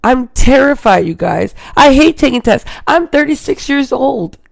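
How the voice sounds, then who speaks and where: A woman's voice: sits high, expressive, a little slow, gravelly, dry recording, studio quality. A woman in her thirties from Hawaii, hosting a casual live stream and rambling to her viewers. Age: 30s. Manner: rambling, chatty, keeps addressing viewers.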